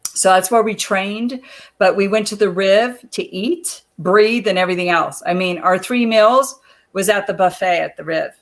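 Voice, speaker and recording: A woman's voice: medium pitch, normal speed. Chatty woman telling wrestling stories. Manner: chatty storyteller, laughs often. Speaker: guest, former wrestler. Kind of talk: casual interview chat.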